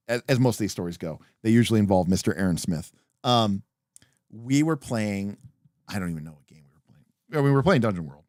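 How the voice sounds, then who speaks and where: Animated man explaining on a dry mic. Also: lowish voice, no echo. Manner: animated, emphatic explaining with profanity. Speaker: podcast host. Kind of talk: livestream talk about tabletop games.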